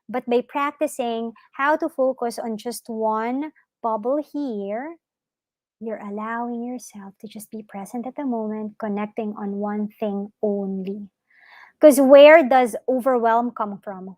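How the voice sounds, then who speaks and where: A woman with a fairly high voice leads a live online talk for parents on mindfulness and yoga. She speaks in a gentle, encouraging way and often asks her listeners questions. Her voice is recorded close and dry, with no room sound. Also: no echo.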